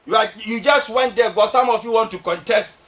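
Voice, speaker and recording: A Ghanaian man with a Ghanaian accent giving fiery political commentary on a talk show, scolding and often shouting for emphasis. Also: high voice, a little fast. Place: radio or TV studio.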